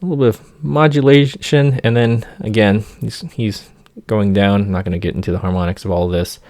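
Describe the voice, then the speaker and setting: Low gravelly man explaining music. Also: fairly even intonation, brisk, darkish tone, dry recording, studio quality. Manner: sings motifs with nonsense syllables, hesitant with many fillers. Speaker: music theory teacher. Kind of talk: informal music analysis lecture.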